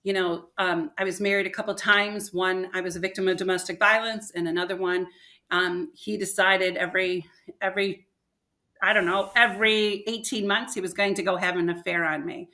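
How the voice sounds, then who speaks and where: As a podcast guest, an older woman lively tells a story of her own, dramatizing what people said. She speaks in a mid-range voice at a normal speed.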